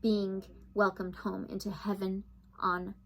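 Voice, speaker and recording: A woman tarot reader reading oracle card messages aloud in a slow, soothing guided-meditation way, now and then breaking into excited gushing. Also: mid-range voice, a little hiss or hum, poor audio.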